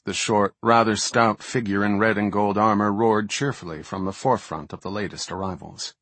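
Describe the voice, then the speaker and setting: Husky-voiced male fantasy narrator. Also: on the low side, normal speed, hardly any pauses, a bit bright, dry recording. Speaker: audiobook narrator.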